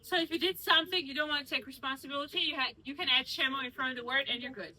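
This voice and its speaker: A woman's voice: sits high, fairly even intonation, racing, sharp tone, poor audio. A woman from Georgia, a native Georgian speaker, guiding a walking tour outdoors and explaining her language in a playful, teasing way with many examples. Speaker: tour guide. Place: outdoors in old city streets.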